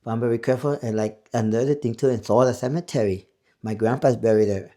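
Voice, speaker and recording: A man's voice: medium pitch, quick pace, mellow. A middle-aged man co-hosting a podcast, telling a ghost story in casual, profane chat that slips into Spanish. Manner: profane, mixes Spanish into English. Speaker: podcast co-host.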